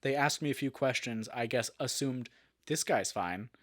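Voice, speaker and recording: A young adult man, a guest actor, telling a story in a casual interview, animated, with many fillers and restarts. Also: medium pitch, moderate pace.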